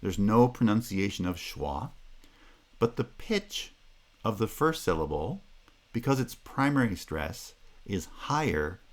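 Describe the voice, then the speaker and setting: Slow, deep-voiced male lecturer. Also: very animated. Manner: measured and explanatory, with checking "Okay?" asides. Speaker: linguistics lecturer. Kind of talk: university lecture.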